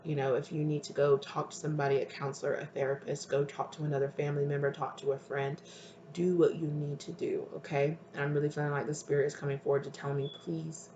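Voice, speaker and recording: A tarot reader doing an intuitive reading for viewers, talking tenderly and hesitantly and sometimes dropping to a breathy near-whisper. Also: mid-range voice, flat delivery, fast talker, highs cut off. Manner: soft, tender, hesitant, calls listeners "my love". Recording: roomy with faint ambient noise.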